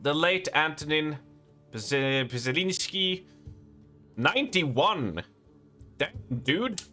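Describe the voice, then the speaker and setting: A man's voice: fairly high pitch, very animated, takes it slowly, pushed and bright, soft background music. A man streaming a game live, chatting with his viewers and reading the game's letters and notes aloud.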